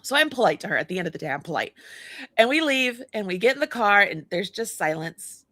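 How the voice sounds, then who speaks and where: A middle-aged woman co-hosting a casual chat show, telling a story in an animated way, acting out the dialogue and laughing often. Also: mid-range voice, a little fast, no room sound. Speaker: co-host.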